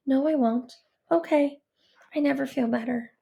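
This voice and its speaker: A woman's voice: high-pitched, moderate pace, vocal fry, warm tone. A woman reading a first-person novel aloud with an earnest, introspective, anxious delivery. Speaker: audiobook narrator. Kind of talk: first-person audiobook narration.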